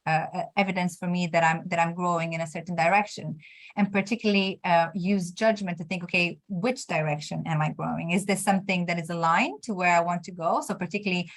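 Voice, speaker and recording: Hesitant woman career coach, lowish voice. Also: fairly even intonation, fast. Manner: encouraging, hesitant, many restarts. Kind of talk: coaching session.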